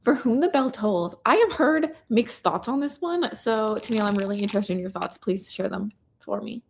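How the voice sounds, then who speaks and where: A woman's voice: medium pitch, normal speed, vocal fry. Bubbly Canadian woman chatting on a livestream. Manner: bubbly, chatty, reads viewer comments aloud. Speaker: booktuber reading chat host. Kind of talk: casual live-stream chat reading comments.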